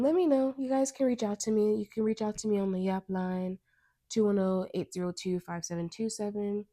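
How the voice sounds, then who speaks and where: A young American woman hosts her own podcast, thinking out loud in a casual monologue that rambles earnestly and often breaks off mid-sentence. Her mid-range voice has a dark tone, captured in a dry, clean studio recording.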